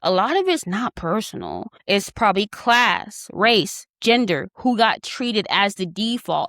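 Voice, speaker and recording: A young woman talks through astrology in a casual, chatty way, teasing her listeners and drifting into affectionate asides. Her voice sits at a middle pitch and sounds close and dry, with no room around it. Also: fairly bright tone, no echo. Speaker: astrology host. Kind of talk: casual spoken astrology talk.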